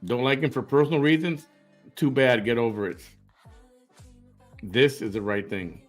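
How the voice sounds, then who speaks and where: A man's voice: mid-range voice, normal speed, soft background music. A man hosting an opinion commentary, reacting to clips in a blunt, confrontational way and firing rhetorical questions. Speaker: host.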